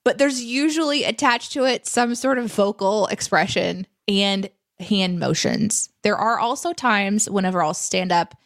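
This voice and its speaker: A woman co-hosting a casual livestream chat, reading viewer questions and telling lively stories. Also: medium pitch, unhurried, few pauses, no echo, studio quality.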